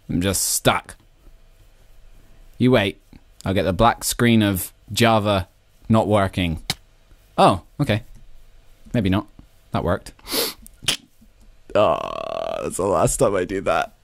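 Lively excitable man narrating gameplay. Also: low-pitched, slow, gravelly, long pauses, dry recording. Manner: excitable, laughs often, shrieks when startled. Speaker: Minecraft YouTuber. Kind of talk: casual gameplay commentary.

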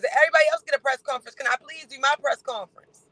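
A man's voice: extremely high pitch, fairly even intonation, racing, bright, forceful tone, dry recording, rough recording. A man on a casual livestream, ranting in a sarcastic, repetitive way and laughing between phrases. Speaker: livestream host.

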